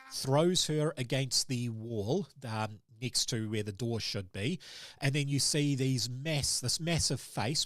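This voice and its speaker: A man's voice: mid-range voice, a bit bright, dry recording, studio quality. A man as game master, narrating a tabletop horror game in a loose, rambling way, full of ums and sort-ofs.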